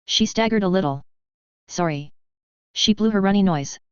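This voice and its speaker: A woman narrating a fan fiction story in an even, unhurried reading voice. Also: mid-range voice, smooth, dry recording. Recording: dull dry lo-fi audio.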